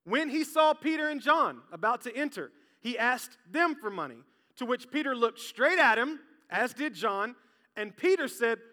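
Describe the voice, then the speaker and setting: A man preaching a sermon as pastor, lively and joking, talking straight to his congregation. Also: very high-pitched, a little fast. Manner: lively, jokey, talks straight to the crowd. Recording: long hall reverb.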